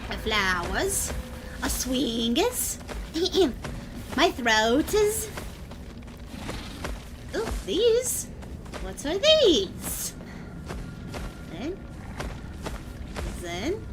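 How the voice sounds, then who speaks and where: Woman streamer, high and animated, unhurried gameplay chatter over a noisy background. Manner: chatty, swings from mutters to sudden yells. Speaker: vtuber streamer. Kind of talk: gameplay commentary.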